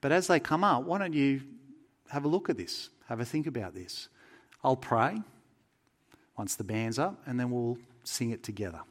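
Earnest male preacher, mid-pitched, conversational sermon delivery that softens in prayer. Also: animated, moderate pace. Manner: earnest, conversational, drops soft for pleading and prayer.

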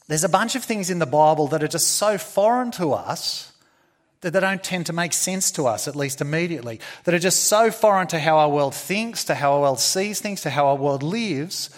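An Australian man preaches a sermon in an earnest, emphatic way. He circles back on phrases for emphasis and fills gaps with "uh." His voice sits a little higher than most men's. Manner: earnest, repetitive emphasis with fillers.

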